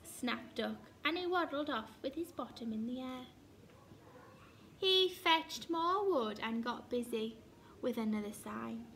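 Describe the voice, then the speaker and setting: A woman teacher reading a picture book aloud to young children with slow, expressive storytelling. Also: on the high side, a little hiss or hum.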